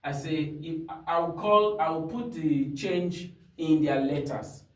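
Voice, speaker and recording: In an echoey room with a distant microphone, a man gives a singing lesson, walking his student through it step by step. His voice sits on the high side and he takes his time. He keeps checking in, asking "hmm?" and "you understand?" as he instructs.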